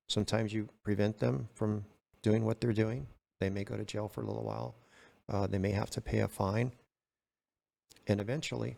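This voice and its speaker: Gravelly low-voiced retired man. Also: darkish tone. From California. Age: older. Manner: acts out both sides of dialogue in his stories. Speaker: retired game warden, podcast guest. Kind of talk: casual storytelling.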